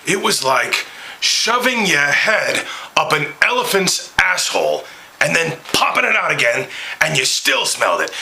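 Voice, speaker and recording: A man voicing a crude, flirtatious aging male movie star in a comedic impression, gravelly, lurching between whispers and shouted outbursts. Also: a little high, full character voice, low-quality recording.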